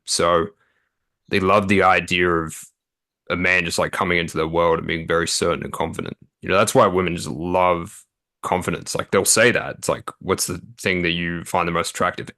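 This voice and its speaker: A young man working as a dating coach, explaining in a relaxed, casual way with many fillers. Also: deep voice. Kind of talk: casual interview talk.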